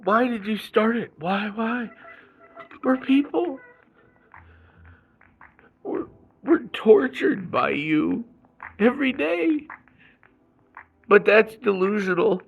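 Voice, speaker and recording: Man, slow-talking and angry, gravelly voice, raw emotional rant, dull lo-fi sound with faint music. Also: high-pitched, expressive. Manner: angry, raw venting with restarts and swearing. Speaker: vlogger. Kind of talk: emotional personal rant to camera.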